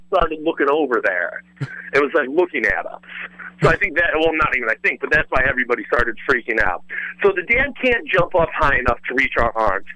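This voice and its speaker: A man tells a story in an animated, casual way, restarting sentences and tossing in curse words. His voice sits a little high and sounds bright and forceful. It has a tight, clipped edge. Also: dry recording, poor audio. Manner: rambling, restarts with lots of "like", swears freely. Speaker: former radio host telling a story as a guest.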